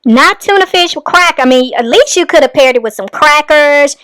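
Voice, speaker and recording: A woman's voice: high voice, lively intonation, moderate pace, a bit bright, dry recording. A woman hosting a reaction commentary, talking in an indignant, emphatic way about a clip she is playing. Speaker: commentary host.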